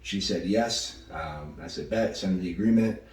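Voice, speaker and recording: Young man with a deep voice, talks fast and loose, cursing as he tells a story, recorded at a distance in a roomy space. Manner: casual, swears freely, quotes people in quick asides. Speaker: real estate investor. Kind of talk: casual storytelling. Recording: roomy echo, mic at a distance.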